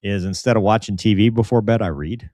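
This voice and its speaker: Man, podcast host, low voice, animated casual chat, dry close sound. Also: a little fast, no room sound. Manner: animated, mimics quoted voices, lots of fillers.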